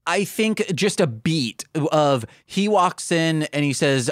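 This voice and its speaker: A man's voice: a little high, expressive, takes it slowly, no echo. Man, podcast co-host, casual chat, jokey, dry sound. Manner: jokey, riffing ideas.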